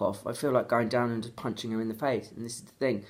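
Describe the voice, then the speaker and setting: A woman's voice: very deep voice, fairly even intonation, fast talker, hardly any pauses, a little mellow. A woman from London with a London accent, ranting angrily to camera in a vlog and swearing heavily as she repeats her complaints. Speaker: vlogger. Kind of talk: angry vlog rant.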